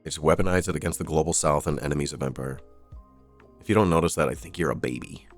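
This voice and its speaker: A man's voice: very deep voice, fast, soft background music. A man hosting a live stream of political news commentary, reading out headlines with sarcastic, profane asides. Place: streaming setup.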